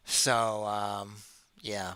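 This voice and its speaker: A man's voice: lowish voice, little pitch movement, drawn-out words, pushed and bright, clear, resonant tone, no room sound. A man hosting his own solo commentary podcast on spirituality, talking in a sarcastic, exasperated way that mocks what he is reading about. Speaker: podcast host. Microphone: webcam or computer mic.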